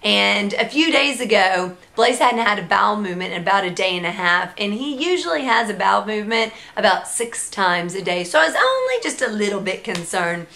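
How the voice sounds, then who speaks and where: A young woman vlogging about her baby, chatty and animated, slipping into sing-song baby talk. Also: medium pitch, fairly quick, gravelly, hardly any pauses. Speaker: mom vlogger, founder of a parenting blog. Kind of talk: casual storytelling vlog.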